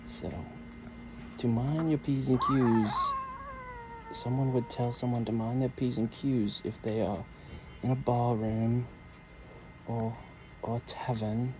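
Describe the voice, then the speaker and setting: A man's voice: medium pitch, steady tone, takes it slowly, long pauses, noisy background. A father chatting playfully to his baby son, rambling with many fillers. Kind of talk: casual chat.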